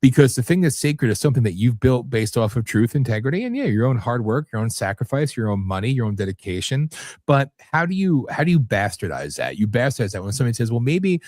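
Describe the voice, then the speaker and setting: A man's voice: mid-range voice, expressive, fast, darkish tone, no room sound. A man hosting a live talk radio show, ranting bluntly with plenty of profanity. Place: radio studio.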